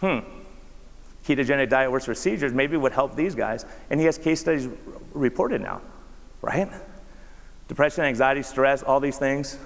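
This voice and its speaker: A man's voice: medium pitch, normal speed, creaky, long pauses. A man, a doctor, giving a conversational talk with slides, often asking the audience rhetorical questions. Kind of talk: conference presentation with slides. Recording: reverberant hall.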